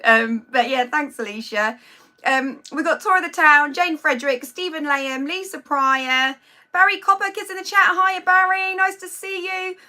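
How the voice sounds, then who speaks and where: A woman's voice: high voice, steady tone, moderate pace, pushed and bright. A woman from Norfolk with a Norfolk accent, hosting a casual live stream, chatty and self-deprecating, tripping over her words as she greets viewers. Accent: Norfolk English. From Norfolk, England. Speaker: livestream host. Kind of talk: casual live chat reading out viewers' names.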